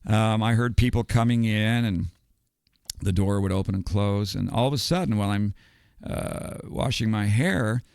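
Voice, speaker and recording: A man's voice: medium pitch, gravelly, clean tone, no echo, clean studio sound. An older man from the United States, a podcast guest telling a long story in a rambling, digressive way and chuckling between details. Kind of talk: casual storytelling.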